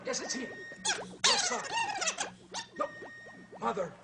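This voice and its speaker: A man's voice: very high-pitched, huge pitch swings, slow, gravelly, heavily acted. An actor playing a whiny, tearful grown man on the phone to his mother. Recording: echoey, distant, over loud music.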